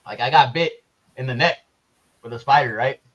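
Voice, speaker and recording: A man with an ordinary mid-range voice tells an animated story in a casual group discussion, often restarting his sentences. His audio sounds dull and lo-fi. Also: mid-range voice, moderate pace. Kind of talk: casual chat.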